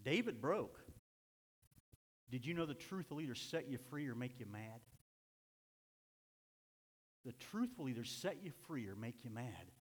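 Impassioned preacher in an echoey hall. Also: male voice, medium pitch, animated, a little slow, long pauses, slightly rough. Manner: impassioned, swings from shouting to hushed. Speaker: pastor. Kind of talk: sermon. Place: church sanctuary.

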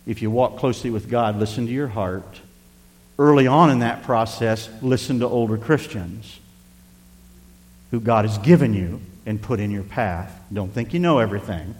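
An older man preaching a folksy sermon as pastor, rising to loud emphasis and dropping to quiet asides. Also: fairly low pitch, normal speed, big-room sound. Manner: folksy, varies loudness for emphasis, occasional chuckles.

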